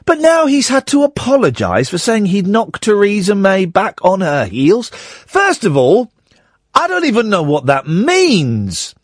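A man's voice: sits high, huge pitch swings, a little slow, no room sound. A man hosting a phone-in radio show from a studio, chatting in a rambling way and breaking off his own points. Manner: rambling, chatty, self-interrupting. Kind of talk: late-night phone-in radio chat. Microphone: studio microphone.

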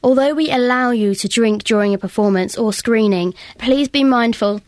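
A woman's voice: a little high, normal speed, dry recording. A woman from a radio breakfast team reading out theatre rules in an exaggerated posh voice. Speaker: breakfast show team member. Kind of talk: reading rules aloud in a comic sketch.

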